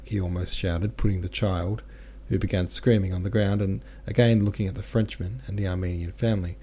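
A man narrating a classic novel as an audiobook reader, in a measured, steady manner. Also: low voice, husky.

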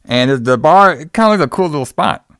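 A man's voice: on the high side, expressive, quick pace, a bit bright, clean tone, no echo, clean studio sound. Casual man rambling through a plot recap. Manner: loose, filler-heavy retelling with quoted lines.

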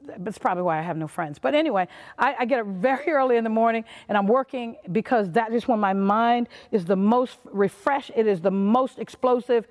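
A woman's voice: a little high, brisk, hardly any pauses, a little mellow, big-room sound. A woman giving a motivational leadership talk in an emphatic, punchy way. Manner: emphatic, punchy, acts out little quoted voices. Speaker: motivational conference speaker.

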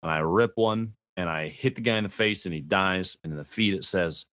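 A man, a guest streamer on a gaming podcast, telling animated stories and acting out quotes. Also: sits low, brisk, dry recording. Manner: animated storyteller, acts out quotes. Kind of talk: podcast conversation.

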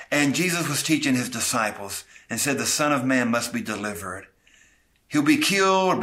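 Male pastor, earnest expository preacher, bright voice, middle pitch, occasional restarts. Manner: earnest preaching, paraphrases scripture with asides and small restarts. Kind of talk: expository sermon.

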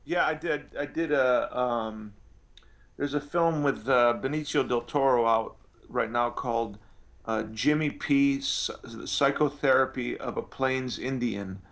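A man's voice: mid-range voice, unhurried, fairly bright tone. A male actor telling anecdotes in an interview, rambling with many restarts and fillers. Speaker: actor guest.

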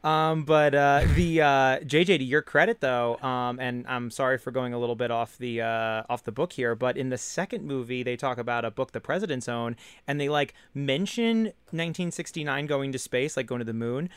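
A man co-hosting a casual film podcast, given to jokey deadpan asides. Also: medium pitch, moderate pace, hardly any pauses, clear, resonant tone, dry recording. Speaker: podcast co-host.

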